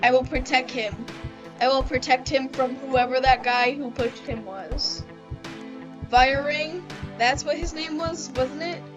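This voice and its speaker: A woman's voice: high voice, steady tone, a little slow, highs cut off, music in the background. A woman giving let's-play commentary, chatty and talking back to the game characters as she plays. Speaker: gamer.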